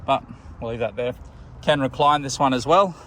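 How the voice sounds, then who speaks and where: A man with an Australian accent, a car salesman giving a relaxed walkaround tour of a vehicle, pointing out features as he goes. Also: medium pitch, normal speed, slight background noise. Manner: relaxed, plain-spoken, pointing things out as he goes. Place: outdoors around a car, then inside it.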